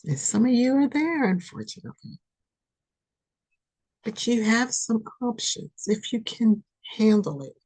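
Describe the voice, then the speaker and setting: A woman hosting a spiritual podcast, giving an impassioned reading that pleads and repeats itself, swinging from loud urging to soft near-whispers. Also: fairly high pitch, expressive, a little slow, breathy edge. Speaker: podcast host, spiritual reader.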